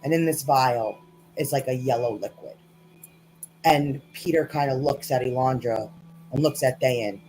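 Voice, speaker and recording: A woman narrating as game master in a tabletop game, casual and halting with many fillers. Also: extremely low pitch, warm tone, faint music behind, low-quality recording.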